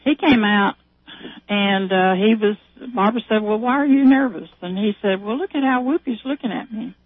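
A woman's voice: mid-range voice, normal speed, dry recording. A woman on a call, chatting casually and retelling a story with many fillers and restarts. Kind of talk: casual chat. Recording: tinny phone line.

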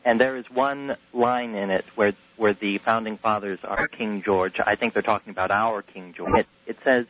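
Male talk-radio caller, earnest and measured, muffled audio. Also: lowish voice, fairly even intonation.

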